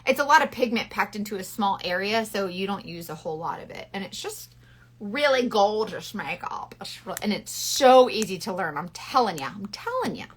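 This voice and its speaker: A woman's voice: medium pitch, lively intonation, moderate pace, husky. A woman selling makeup, chatting playfully through a casual live makeup tutorial on a phone and answering viewers as she goes. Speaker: makeup consultant selling cosmetics.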